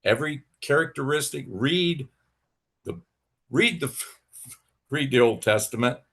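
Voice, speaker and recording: A man's voice: medium pitch, expressive, measured pace, a bit bright, slightly rough. A man on a livestream, ranting angrily and sarcastically at a rival, swearing freely and mocking him. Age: adult with children. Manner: profane, heated, sarcastic. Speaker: livestream host. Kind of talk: angry rant to a rival.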